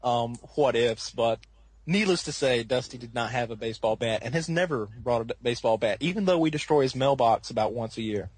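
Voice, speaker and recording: A man on a podcast telling a long story in a casual, animated way, laughing often. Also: a little fast, husky, no echo. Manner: animated, laughs often, acts out quoted people in a higher voice. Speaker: podcast co-host.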